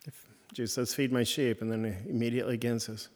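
A man preaching a conversational sermon, halting and restarting often as he retells a story. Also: mid-range voice, steady tone, a little mellow. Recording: reverberant hall.

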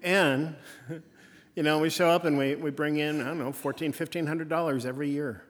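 A male pastor with a medium-pitched voice preaches a folksy, conversational sermon in a church, his voice echoing in a large hall. He keeps circling back to the same refrains again and again.

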